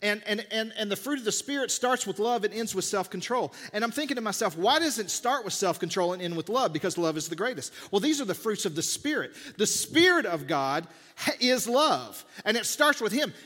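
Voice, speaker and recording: A middle-aged man preaching a sermon as a pastor, animated and jokey, pushing his voice up for emphasis. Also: high voice, brisk. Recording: long hall reverb.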